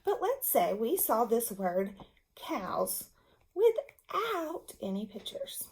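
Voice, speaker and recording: Patient woman teacher, slow and very expressive, walks kids and parents through reading steps. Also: a little high. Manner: slow, patient, demonstrative explanation. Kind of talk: reading lesson for young children and parents.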